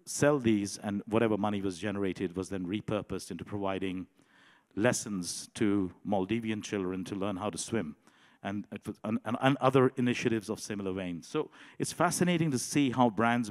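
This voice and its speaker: A man giving a conference presentation in a measured way, often pausing with um and you know. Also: on the low side, a little mellow, in a large hall. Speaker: conference speaker. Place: conference hall.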